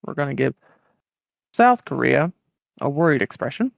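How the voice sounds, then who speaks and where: Podcast host, casual comedic history retelling, gravelly voice, lively pitch. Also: dry recording. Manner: animated, laughing, fast asides.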